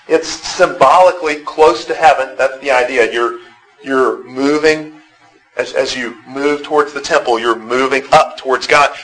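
The poor audio captures a man with a slightly high, fairly bright voice. He's giving a conversational Bible class lecture, putting questions to the group and often repeating words as he starts over.

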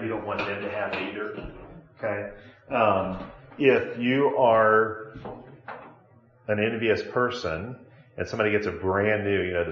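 A man's voice: low voice, reverberant, dull audio. A man teaching a Bible lesson to a class, talking conversationally and asking his students questions.

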